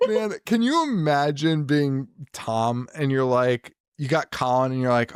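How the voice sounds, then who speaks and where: Young male podcast co-host, casual and profane, animated delivery, dry close mic. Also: medium pitch, clear, resonant tone, no room sound. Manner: swearing, laughing, quick joking asides. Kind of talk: casual chat.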